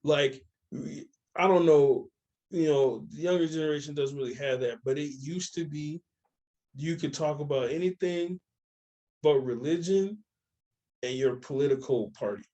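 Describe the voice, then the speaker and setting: A young man co-hosting a casual chat, telling stories with animated voices for the people he quotes. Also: on the high side, normal speed. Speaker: podcast co-host.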